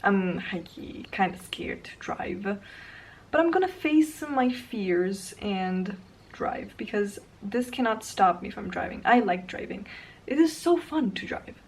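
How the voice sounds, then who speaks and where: A young woman, not a native English speaker, chatting casually in a storytime vlog, rambling and sometimes dropping to a soft whisper. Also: mid-range voice, expressive, unhurried, husky. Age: young adult. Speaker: vlogger.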